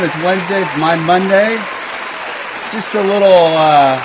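A man's voice: sits high, unhurried, dull audio, a crowd in the background, background noise. A man hosting a livestream in casual chat, upbeat and greeting viewers one after another. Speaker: livestream host.

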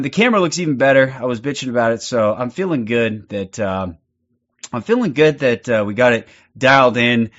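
Guy streaming, chatting casually with viewers, bright forceful voice, kinda dull audio. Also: on the high side. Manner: upbeat, greets chat viewers by name. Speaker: livestream host. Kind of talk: casual livestream chat.

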